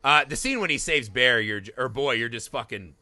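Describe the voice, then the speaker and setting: A man in his thirties co-hosting a casual film podcast, animated and swearing freely as he acts out scenes. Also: mid-range voice, fairly quick, no room sound. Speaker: podcast co-host.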